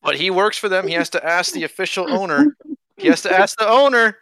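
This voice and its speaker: A man's voice: sits high, lively intonation, brisk, sharp tone, no room sound. A man co-hosting a casual sports podcast, arguing emphatically, swearing and exaggerating. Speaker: podcast co-host.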